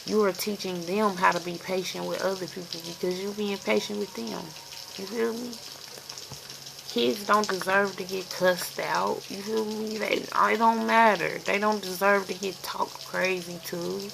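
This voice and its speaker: A woman's voice: medium pitch, fairly even intonation, unhurried, creaky, noisy background. A woman in her forties giving a candid, profane spiritual reading vlog as an intuitive card reader, often asking "you feel me.". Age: 40s.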